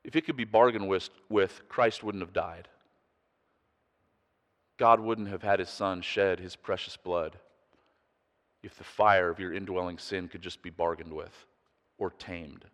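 A man's voice: low voice, steady tone, a little slow, long pauses, fairly bright tone, big-room sound. A man preaching a sermon in an earnest, emphatic way, putting pointed questions to his listeners. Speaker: pastor.

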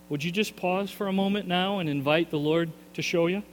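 A male pastor delivers an earnest sermon in a high voice, stumbling over repeated words as he presses his point. The sound carries a long reverb from a large church hall. A faint electrical hum sits underneath. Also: moderate pace. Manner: earnest, repeats words, rising and falling intensity.

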